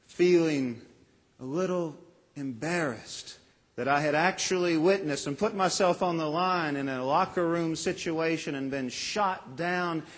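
A man's voice: on the high side, breathy edge. Earnest preacher man in a reverberant hall. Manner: earnest, with dramatic pauses and voiced quotes. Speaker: pastor. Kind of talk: sermon.

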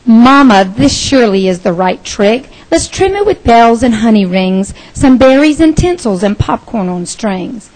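A woman's voice: a little high, sing-song, measured pace, hardly any pauses, a little mellow, low-quality recording. A woman voicing a jolly, eager father bear in a Christmas picture book.

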